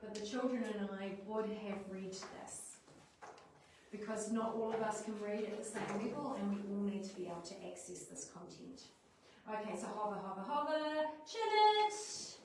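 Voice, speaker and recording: A New Zealand woman teacher talks parents through classroom writing lessons, lively and chatty. She is picked up from across a very echoey room, with faint noise underneath. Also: mid-range voice, moderate pace, recorded from a distance. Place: school hall or classroom at a parents' evening. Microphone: livestream device at a distance.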